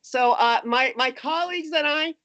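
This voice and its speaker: A woman's voice: high-pitched, a bit bright, no echo, lo-fi sound. Stammering woman in an improv sketch. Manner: halting, stammering. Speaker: research scientist character.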